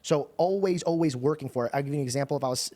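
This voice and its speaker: A man's voice: mid-range voice, racing, dark tone. A man hosting a podcast who tells earnest personal stories in a casual, slangy way. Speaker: podcast host.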